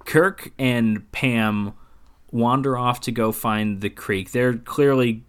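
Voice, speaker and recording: A man co-hosting a podcast, casually recapping a movie plot in a rambling, filler-heavy way with quick laughs. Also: medium pitch, fairly bright tone, clear, resonant tone. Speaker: podcast co-host.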